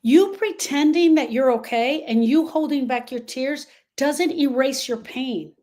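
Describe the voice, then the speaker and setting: A woman with a warm, mellow voice talks straight to her viewers in a heartfelt live stream. She is earnest and repeats her main points for emphasis, as a grief support host reaching out to people who are hurting. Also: sits high, a little slow. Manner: earnest, repeats key phrases, speaks directly to the listener.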